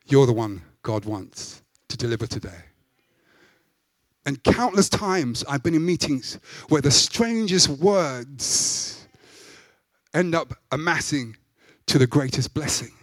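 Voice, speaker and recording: A man preaching a sermon as pastor, emphatic, with loud rising peaks. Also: medium pitch, expressive, slow pace, dry recording.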